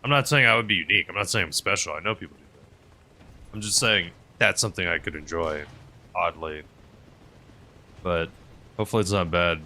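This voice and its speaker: A man streaming a game, chatting casually and rambling aloud, swinging between loud bursts and mumbled asides. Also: low-pitched, brisk, pauses often. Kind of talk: casual live-stream commentary while playing.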